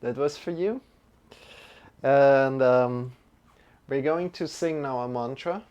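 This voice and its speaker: A man leading a live-streamed yoga and meditation class, giving gentle, encouraging cues and chatting with viewers between them. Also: mid-range voice, takes it slowly, lo-fi sound. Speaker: yoga teacher.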